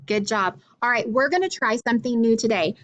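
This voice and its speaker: Woman teacher doing a phonics lesson for little kids, a bit high-pitched, slow and encouraging. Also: animated, fairly bright tone. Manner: encouraging, slow and clear, with frequent praise. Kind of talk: phonics lesson for young children.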